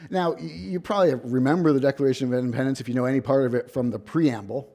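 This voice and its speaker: Guy professor giving a lecture in a hall, warm mellow voice, storyteller vibe w dry little jokes. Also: medium pitch, fast, creaky. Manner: wry asides, storytelling emphasis. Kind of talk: academic lecture.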